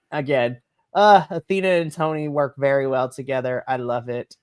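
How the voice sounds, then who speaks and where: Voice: mid-range voice, steady tone, measured pace. An enthusiastic podcast co-host recapping wrestling in a rambling, giggly casual chat on a home stream mic. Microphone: home mic on a live stream.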